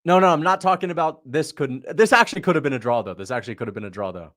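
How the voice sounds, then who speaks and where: A man's voice: medium pitch, animated, a bit bright, no echo, studio quality. A young man with an ordinary mid-range voice chats loosely through a livestream. He reacts on the fly, laughs easily and stops to thank viewers between remarks. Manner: loose, chatty, quick to laugh, reads out donations. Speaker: livestream host reacting to fights. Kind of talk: casual livestream commentary.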